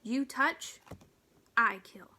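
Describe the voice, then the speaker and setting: Tiny defiant warrior man, put on by a woman reader, growls slow clipped threats. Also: mid-range voice, expressive, vocal fry, a bit bright, full character voice. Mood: threatening. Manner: slow clipped grunting speech.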